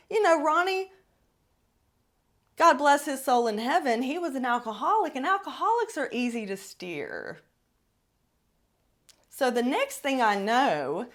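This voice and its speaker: Lively, blunt woman storyteller. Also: a little high. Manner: blunt, profane, animated storytelling. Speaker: podcast host. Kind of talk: casual storytelling monologue.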